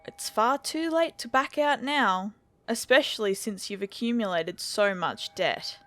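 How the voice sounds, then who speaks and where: A woman's voice: fairly high pitch, unhurried, fairly bright tone, dry recording. A woman voicing a bored, menacing man who cannot be killed, speaking with cool scorn. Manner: scornful, coolly threatening.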